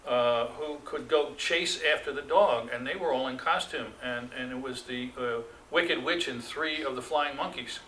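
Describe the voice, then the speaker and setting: A man's voice: medium pitch, moderate pace, hardly any pauses, fairly bright tone, recorded from a distance, slight background noise, rough recording. A man telling a theatre anecdote in an interview in a dry, hesitant way.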